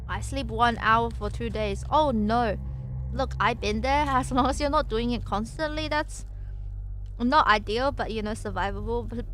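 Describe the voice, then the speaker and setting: Young female streamer, slightly high voice, giggly and playful, reads aloud and chats with viewers. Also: a bit bright, slight background noise. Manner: playful, giggly, jokey asides; chats with viewers between passages. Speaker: VTuber streamer. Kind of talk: casual stream chat and reading aloud.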